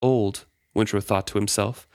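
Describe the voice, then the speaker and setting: A man's voice: lowish voice, normal speed, no echo, clean studio sound. A man co-hosting a casual book discussion podcast, reading passages aloud and commenting with easy laughs. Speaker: podcast co-host.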